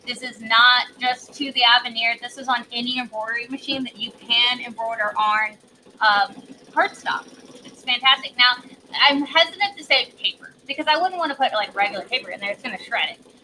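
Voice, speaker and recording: A woman's voice: a little high, sharp tone, slight background noise. A woman hosting a live craft demo, chatty and bubbly, laughing often as she reads viewer comments.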